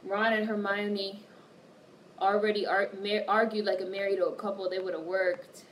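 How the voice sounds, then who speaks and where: With a medium-pitched voice, a level tone, and a moderate pace, a woman reads viewer comments on her casual livestream and swears freely while responding. A distant mic catches her along with faint background noise.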